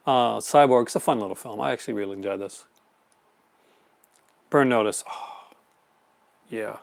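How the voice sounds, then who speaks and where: On his casual live stream, a man replies to viewer chat and rambles eagerly about the horror films he owns, often restarting and filling pauses. His gravelly voice sits at medium pitch, with no echo.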